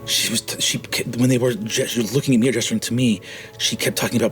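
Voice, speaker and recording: Halting man narrating as game master. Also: medium pitch, faint music behind. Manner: halting, full of restarts, animated when describing action.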